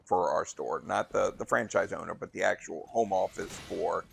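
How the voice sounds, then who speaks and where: A man's voice: deep voice, normal speed, gravelly, slight background noise. A man, a restaurant manager, telling a rambling story in a casual, conversational way while gaming, acting out the dialogue he quotes.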